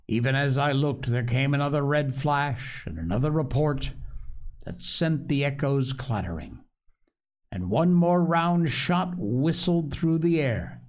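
A man reading a storybook aloud in an expressive, measured way. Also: mid-range voice. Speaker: audiobook reader. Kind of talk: storybook narration.

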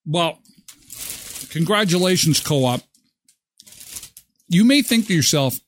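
A man's voice: a little high, animated, slow pace. A man hosting a live morning show, jokey and rambling as he chats and reads ads. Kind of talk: casual chat with ad reads.

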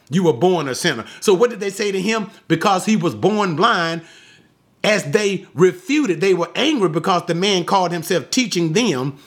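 Man teaching bible study, slow and emphatic, lots of ups and downs, keeps asking you got it. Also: sits high, a bit bright. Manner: emphatic, repeats points, asks rhetorical questions.

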